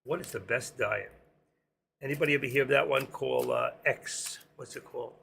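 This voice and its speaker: A man in his sixties runs a casual stock trading livestream, wandering off into jokes between his chart calls. His voice is gravelly and husky, hoarse as if he is losing it, yet it stays bright and forceful. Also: medium pitch, fairly quick. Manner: rambling, joking asides, sings snatches of songs. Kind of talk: casual live-stream market commentary.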